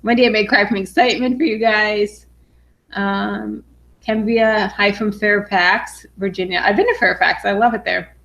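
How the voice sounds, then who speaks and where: A young adult woman from Western Massachusetts hosts a casual live stream and reads viewer comments aloud. She sounds bubbly and excited, with a mid-range voice and lots of "um"s between names. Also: medium pitch, normal speed, gravelly, lo-fi sound. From Western Massachusetts, USA. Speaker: personal finance vlogger.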